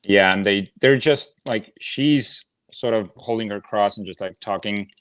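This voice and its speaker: A man's voice: fairly low pitch, a little slow, a bit bright, slight background noise. A man co-hosting a casual movie podcast, talking in a hesitant, slightly nervous way with many fillers. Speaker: podcast co-host.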